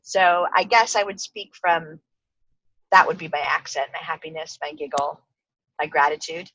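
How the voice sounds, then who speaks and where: A middle-aged woman, a life coach, chatting as a podcast guest in a bubbly, giggly, expressive way. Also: low-pitched, moderate pace, no echo, lo-fi sound. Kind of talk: casual interview chat.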